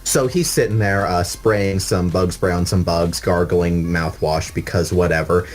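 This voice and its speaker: Brief: low-pitched male co-host, animated storyteller, soft music under him. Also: a little slow. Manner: excitable, swears, animated retelling. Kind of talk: casual comedic storytelling. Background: faint background music.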